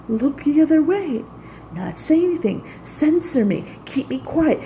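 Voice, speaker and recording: Woman, gravelly voice, dark tone, unhurried, raw emotional venting, swearing. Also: high voice, sing-song, slight background noise, poor audio. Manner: raw, intense, profane venting. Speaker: vlogger. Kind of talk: emotional personal monologue.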